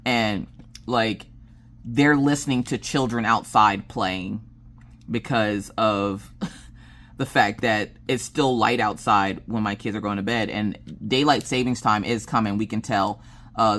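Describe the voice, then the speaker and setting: A woman chatting casually on her craft channel, telling animated stories and laughing as she goes. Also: measured pace, slight background noise. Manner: animated, acts out quoted dialogue with big pitch jumps. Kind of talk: casual chat storytelling.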